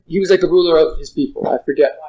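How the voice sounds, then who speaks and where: Casting note: higher-pitched man, relaxed study leader, alternates scripture reading with loose chatty commentary. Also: fast talker, rough recording. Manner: reads archaic verses aloud, then explains casually with fillers and restarts. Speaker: Bible study teacher.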